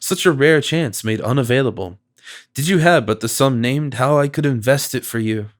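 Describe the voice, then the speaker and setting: A smooth-talking stranger with a gentle, flattering voice, full of sympathy that never quite rings true, as a man reads him in an audiobook. He talks at an even, middle pitch. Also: moderate pace, lightly acted. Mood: persuasive. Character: smooth, solicitous male stranger, a confidence man.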